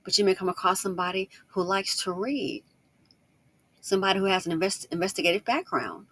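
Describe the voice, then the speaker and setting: A woman giving casual online commentary, talking fast and slangy and repeating points for emphasis. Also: medium pitch, fairly bright tone, husky. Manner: talks fast, tries to slow herself down. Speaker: YouTube commentator.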